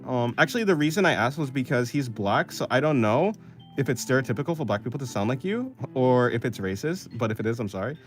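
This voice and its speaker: A man's voice: mid-range voice, animated, fast, soft background music. A man chatting casually on a live stream, answering chat in a rambling, self-correcting, offhand way and laughing often. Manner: offhand, apathetic.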